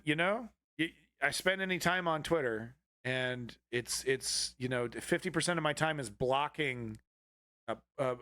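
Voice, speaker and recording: A man's voice: medium pitch, bright, forceful tone, dry recording. Sarcastic man streaming news commentary. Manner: sarcastic, rambling, laughs at clips. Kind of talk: casual live-stream commentary.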